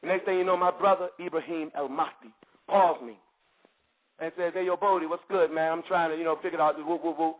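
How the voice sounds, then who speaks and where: A man giving a rambling spoken testimony in an animated storytelling way, laughing often and repeating phrases. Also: on the high side, fairly quick. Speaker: spiritual group member giving testimony. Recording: tinny phone-line audio.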